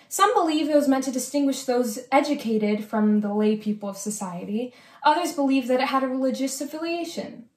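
Young woman giving a grad speech, kinda high voice, echoey room, earnest but jokey bits. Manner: earnest with light humor. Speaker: senior class historian. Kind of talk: ceremony speech.

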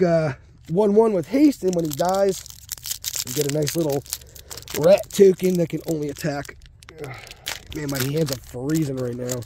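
A high-pitched man, unwell and short of breath, hosts a card-opening channel from his home basement over background noise. His pack-opening commentary is casual, rambling and a bit crude, with muttering under his breath and heavy breathing.

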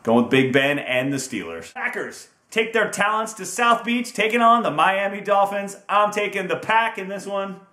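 A high-sitting, lively male voice, bright and forceful, moves at a moderate pace with hardly any pauses. He's the upbeat, teasing host of a casual sports predictions video, stretching out team names for fun, recorded in an echoey room.

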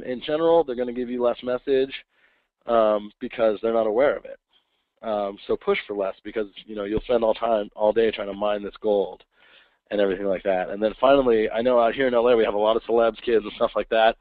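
A man giving a casual webinar talk, acting out quick voices of kids and parents. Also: mid-range voice, no echo. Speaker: webinar presenter. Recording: tinny phone-like line, dry.

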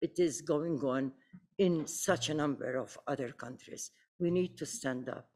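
A woman's voice: low voice, measured pace, a little mellow. A woman from the Mediterranean speaking on a panel, earnest and rising to urgent appeals. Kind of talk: impassioned panel speech.

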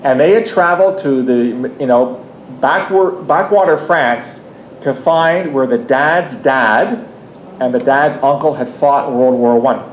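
A Canadian man in his fifties giving a public talk, telling a personal story in a conversational way with frequent restarts and asides. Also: unhurried. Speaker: guest speaker. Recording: echoey room, faint rumble.

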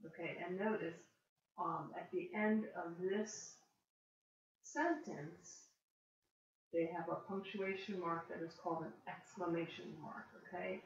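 A woman's voice: lowish voice, fairly even intonation, slight background noise. Patient woman tutor, distant echoey room. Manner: patient, encouraging, explains slowly. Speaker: reading tutor. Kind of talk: one-on-one reading lesson. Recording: distant, echoey, dull-sounding room recording.

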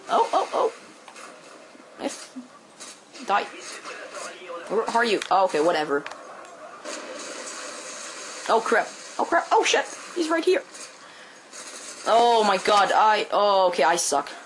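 Commentating casually on gameplay, this man from Quebec, Canada speaks French natively with a Quebec accent and breaks into high yelps and swearing now and then. His voice is a bit bright, and the poor audio carries a slight hiss or hum.

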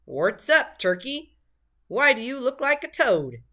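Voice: medium pitch, very animated, a little slow, sharp tone, voice pushed up. A storybook reader voicing a kind, encouraging female farm cow. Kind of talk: storybook read-aloud.

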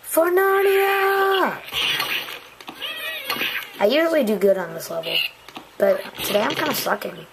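A young woman casually commentating a video game for her channel, goofy and chatty, often yelling a silly catchphrase. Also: medium pitch, very animated, quick pace, creaky, very noisy. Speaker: gaming channel host. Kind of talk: casual let's-play commentary.

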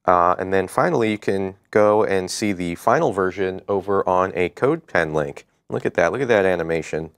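A man's voice: low-pitched, moderate pace, hardly any pauses, smooth, no echo, studio quality. A man co-hosting a web development show, talking through tools in an enthusiastic, conversational way. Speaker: co-host. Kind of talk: casual tech show chat.

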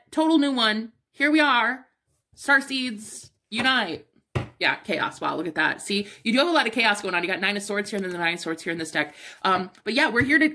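Emphatic, excitable woman tarot reader. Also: medium pitch. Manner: emphatic and encouraging, swearing casually, excited exclamations. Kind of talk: casual pick-a-card tarot reading.

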